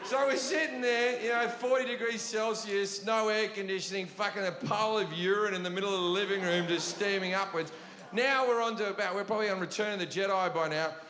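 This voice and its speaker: A bright, high-voiced man telling a rambling, profanity-laced stand-up story in a big live venue. His sound rings with long hall reverb, and a crowd murmurs faintly behind him. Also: fairly quick. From Australia. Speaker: stand-up comedian. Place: large comedy venue with audience.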